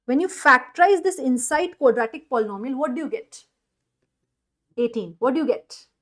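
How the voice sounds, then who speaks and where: A woman maths teacher with an Indian English accent, giving an energetic online exam-prep lecture and coaxing students with questions. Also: sits high, moderate pace.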